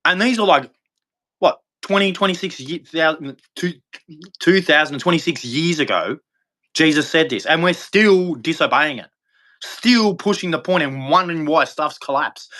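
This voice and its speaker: A man hosting a livestream, delivering a rambling, impassioned religious monologue with sudden jumps in pitch. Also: expressive, unhurried, sharp tone. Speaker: livestream host.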